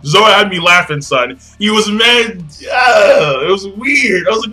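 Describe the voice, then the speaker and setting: A man giving a casual, excited anime episode review, full of slang, swearing and repeated phrases. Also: high-pitched, normal speed, few pauses, soft background music.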